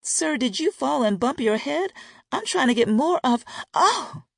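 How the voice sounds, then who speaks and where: A woman's voice: sing-song, measured pace, breathy edge, no room sound, clean studio sound, full character voice. A woman doing a sassy, teasing grown woman. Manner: teasing, sassy, with pitch leaps. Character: playful, quick-witted grown woman.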